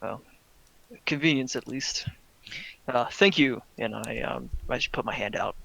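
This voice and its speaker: A man's voice: mid-range voice, unhurried, vocal fry, sharp tone, low-quality recording. A man playing a tabletop game, making dry, wry remarks. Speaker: player. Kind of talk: in-character tabletop play.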